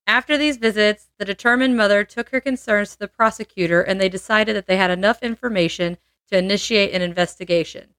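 A woman's voice: medium pitch, a little fast, fairly bright tone, no room sound. Woman podcast host telling a crime story, jokey and laughing, dry close sound. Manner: laughs often, playful asides. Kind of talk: casual storytelling chat.

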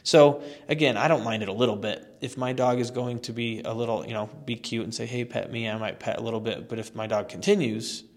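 A man's voice: mid-range voice, fairly even intonation, fairly quick, few pauses. A man who trains dogs, giving advice on a podcast in a conversational, emphatic way with fillers and restarts. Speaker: dog trainer. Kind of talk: instructional podcast talk.

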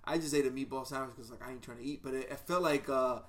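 A man's voice: mid-range voice, steady tone, fast. A man from Portland telling rambling, slang-filled stories in a casual chat with friends. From Portland, Oregon.

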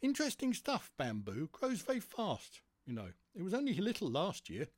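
A man's voice: sits high, wildly swooping pitch, normal speed, dry recording, voice pushed up, exaggerated voice. A man voicing a small, fussy and nervous boy insect in a storybook.

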